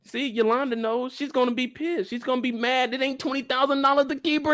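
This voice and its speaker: High-voiced man ranting incredulously. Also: fairly even intonation, fairly quick, few pauses, fairly bright tone, dry recording, clean studio sound. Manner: incredulous ranting, repeats phrases for emphasis; talks straight to his viewers. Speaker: host of a live after-show discussion. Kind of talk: animated live reaction commentary.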